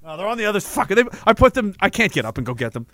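A male livestream host reads out viewer messages and riffs on them, cursing, rambling and breaking into laughs. His voice sits high and moves in lively leaps, with a bright edge. The sound is dry and close. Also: very fast, no room sound. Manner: profane, rambling, laughs often. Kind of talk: casual livestream chat.

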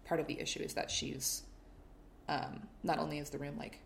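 A podcast co-host discussing a novel with enthusiasm, animated and eager, breaking into passages read aloud. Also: mid-range voice, moderate pace, vocal fry, slight background noise. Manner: enthusiastic, animated, reads passages aloud, often trails into soft murmured reading.

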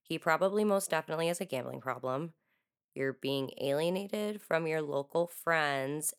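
A woman co-hosting a podcast, bluntly and quickly recapping a friend's story. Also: low-pitched, a bit bright, clean tone. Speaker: podcast co-host. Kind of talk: casual podcast chat.

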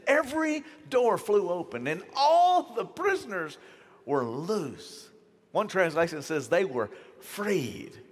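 A man preaching a sermon as pastor, casual and animated, slipping into slang and acting out the voices of people in his stories. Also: high-pitched. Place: church hall. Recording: church hall with long reverb.

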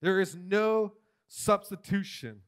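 A man giving a testimony sermon, telling his story with big swings between loud and hushed. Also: high voice, slow. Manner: animated storytelling, swings from shouting to near whisper. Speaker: preacher.

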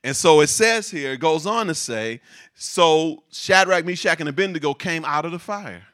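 A male preacher with a bright, ringing voice pitched a little above most men. He delivers a sermon, moving from scripture readings into lively asides where he repeats words for emphasis. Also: normal speed.

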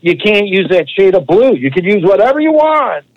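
A man co-hosting a podcast, telling a long, animated, profane anecdote in a casual way. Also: sits high, normal speed, muffled recording. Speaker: podcast co-host. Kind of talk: casual storytelling.

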